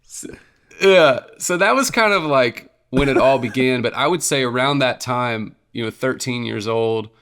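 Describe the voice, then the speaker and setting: As a podcast guest, a man who works as a worship leader recounts his story earnestly and casually, with lots of "you know"s and restarts. His mid-range voice moves at normal speed with a fairly bright tone.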